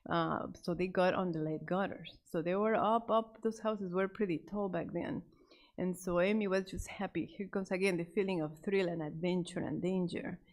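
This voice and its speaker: Woman telling a church story. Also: moderate pace. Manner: animated, acts out the quoted characters with raised pitch; many fillers and restarts, unscripted. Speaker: Sabbath School storyteller. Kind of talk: storytelling a missionary biography to a church class.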